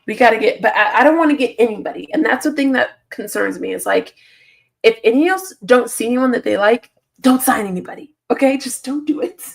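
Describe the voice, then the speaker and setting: This football channel host has a slightly high, gravelly, expressive voice and talks fairly quickly. On her casual early-morning stream she yawns and sounds drowsy, reading viewers' comments aloud and responding with frequent laughs.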